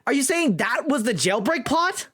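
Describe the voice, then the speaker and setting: A man's voice: very high-pitched, big pitch swings, moderate pace, a bit bright, husky, voice pushed up, full character voice. A man voicing an earnest, eager young male defense lawyer, pressing hard with a raised voice.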